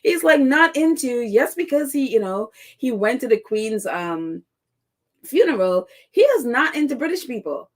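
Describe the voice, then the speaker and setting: A woman from the United States hosts a casual commentary podcast in a voice that sits a touch high. She talks in a chatty, sarcastic way, laughs often and fills her sentences with "you know" and "um.". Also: very animated, moderate pace. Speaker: podcast host.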